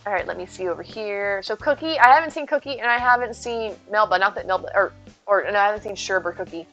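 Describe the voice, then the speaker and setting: Over faint music, a female streamer talks quickly in a mid-range, slightly bright voice. She's casually chatting with viewers during a gaming stream and speaking warmly about her cat.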